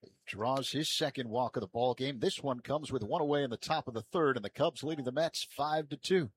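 A man calling baseball play-by-play from a ballpark booth, with measured calls that lift and get louder on each pitch. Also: a little hiss or hum. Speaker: play-by-play announcer.

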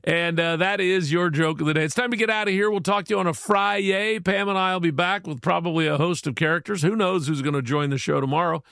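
Upbeat gravelly radio host man. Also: sits high, quick pace, hardly any pauses, fairly bright tone, no room sound, clean studio sound. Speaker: radio morning show host. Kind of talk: casual radio chat.

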